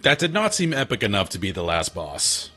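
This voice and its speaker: Wry low-voiced gamer man. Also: huge pitch swings, brisk, pushed and bright, soft background music. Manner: wry, joking asides. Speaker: gaming channel host. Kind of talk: let's play commentary.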